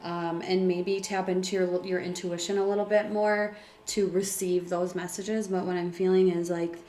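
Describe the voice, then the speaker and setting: Female tarot reader, casual and emotive, lower pitch, roomy home recording. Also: level tone, normal speed, warm tone, slight background noise. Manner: chatty, filler-heavy, emotional and laughing. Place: room at home by a window.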